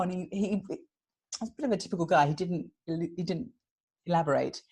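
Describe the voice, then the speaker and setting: Talking quickly in a fairly low voice with a breathy edge, an English guest author shares stories during a casual interview. Her British delivery is lively, full of laughter and acted-out quotes.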